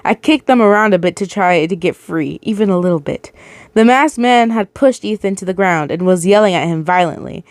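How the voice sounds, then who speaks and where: A woman's voice: fairly low pitch, a little fast, no echo. A woman reads a first-person fan story aloud in a casual, emotional way and often laughs at herself. The voice is recorded close and dry, with no room sound. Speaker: reader of fan fiction. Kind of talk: reading a story aloud with reactions.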